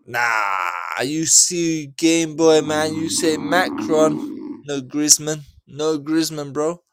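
A man's voice: fairly high pitch, slow pace, a bit bright. Drunk brash man ranting. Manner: brash, swearing, slangy, repetitive. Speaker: livestreamer. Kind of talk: drunken live-stream rant to chat. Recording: noisy background.

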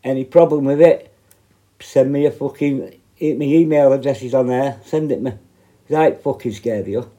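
A man's voice: medium pitch, moderate pace, mellow. A middle-aged man, a former prison officer, ranting bluntly and confrontationally straight to camera, full of swearing. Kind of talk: angry direct-to-camera rant.

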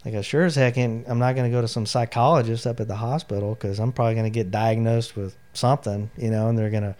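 A man's voice: medium pitch, steady tone, quick pace, darkish tone. A middle-aged man, an army veteran, telling his personal story in an interview, candid and emotional, with lots of "you know" fillers. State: near tears.

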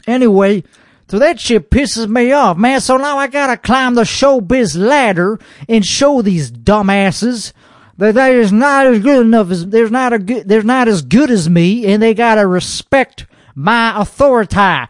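A young man vents on his podcast in a high, reedy voice. He is boastful and irritable, and he swears in almost every sentence. The sound is dry and close, with no room around it. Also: animated, measured pace, no room sound. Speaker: podcast host reacting to a show. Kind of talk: profane comedic rant.

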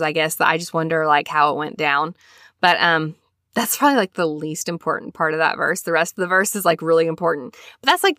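A chatty woman host who talks fast and sprinkles "like" throughout her casual study talk. Her voice is bright and forward, and it sounds close and dry with no room around it. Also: medium pitch, dry recording. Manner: fast-talking, chatty, peppered with "like". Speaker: podcast host.

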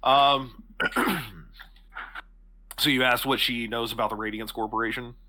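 A man's voice: medium pitch, fairly even intonation, unhurried, bright, forceful tone. A man running a tabletop horror game as game master, describing characters in a rambling way with many fillers.

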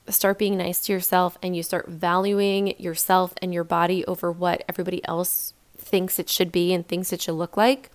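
A woman hosting a casual solo podcast, chatty and emphatic, with lots of fillers and rhetorical questions. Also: mid-range voice. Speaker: podcast host.

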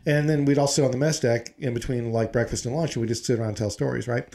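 A man's voice: medium pitch, fairly even intonation, fast talker, dark tone. A man in his fifties, a Coast Guard veteran, telling rambling stories in casual chat with a friend, checking in with "right?" tags.

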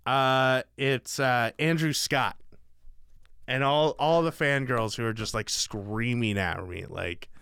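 A young podcast co-host chats casually, joking around in a lively way and leaning heavily on fillers. His mid-range voice is clear and resonant, delivered at a slow pace in a dry, clean studio recording.

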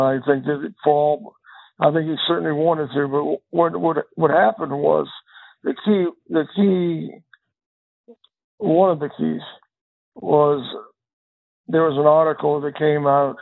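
A man's voice: on the high side, fairly even intonation, measured pace, vocal fry, long pauses. An older man, a former district attorney, telling a long story in an interview, often repeating words as he goes. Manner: reflective storyteller who repeats words and restarts phrases. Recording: tinny phone-line sound.

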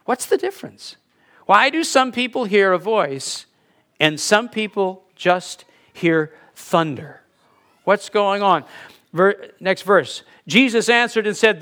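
A man preaching a conversational sermon, asking rhetorical questions and pausing for emphasis. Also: high-pitched, animated, bright, forceful tone. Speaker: pastor.

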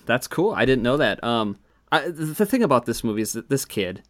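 A man appears as a guest on a casual podcast, talking horror movies. He is animated and laughs easily. He jumps into acting out scenes as he goes. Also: medium pitch, a little fast, no room sound, studio quality. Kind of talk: casual chat about horror films.

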